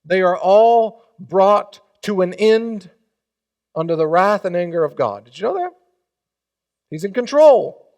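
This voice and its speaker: A man preaching a sermon as pastor, emphatic, swinging between loud and hushed and leading the congregation in call and response. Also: sits high, lively intonation, a little slow.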